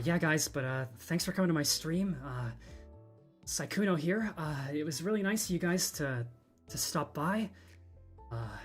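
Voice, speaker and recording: A man doing an impression of another streamer, speaking quietly and hesitantly with many uhs. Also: fairly high pitch. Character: mumbling male streamer signing off.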